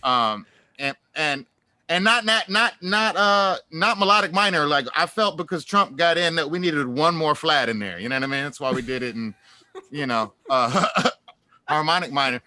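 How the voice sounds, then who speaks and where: A man's voice: a little high, moderate pace, no room sound. A man, a guest musician in a casual interview, telling stories in a rambling way with lots of fillers, restarts and laughter. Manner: animated, laughs through stories.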